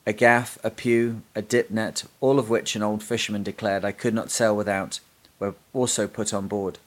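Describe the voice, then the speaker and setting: Low-pitched guy reading a classic book out loud, slow and deliberate, podcast host vibe. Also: level tone.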